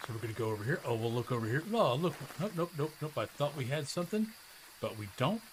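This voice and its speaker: A man putting on the voice of a soft-spoken, gentle male TV painter while commentating a video game stream, speaking in a hushed, soothing way. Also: mid-range voice, animated, quick pace, a little hiss or hum, close to an everyday voice.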